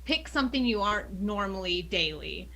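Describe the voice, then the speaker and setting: A woman's voice: mid-range voice, expressive, sharp tone. A woman with a faint Southern US accent, a podcast guest who chats casually and laughs easily. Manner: upbeat, quick to laugh, chimes in with short agreements. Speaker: podcast guest, charity streamer.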